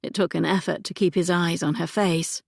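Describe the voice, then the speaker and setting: Measured woman audiobook narrator, dry sound. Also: on the low side, steady tone, gravelly, breathy edge, dry recording.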